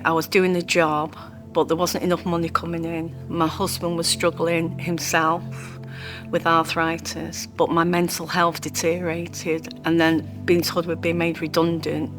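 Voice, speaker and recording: A woman telling her own story in a heartfelt, halting way. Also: fairly low pitch, level tone, over music. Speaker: interviewee sharing her story. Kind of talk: personal testimony.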